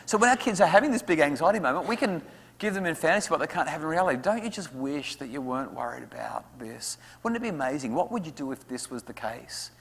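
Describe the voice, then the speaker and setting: A man speaking to parents at an evening talk, lively and acting out what his kids say. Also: on the high side, fast, creaky, breathy edge. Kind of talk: talk to an audience with questions. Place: school hall. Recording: hall reverb.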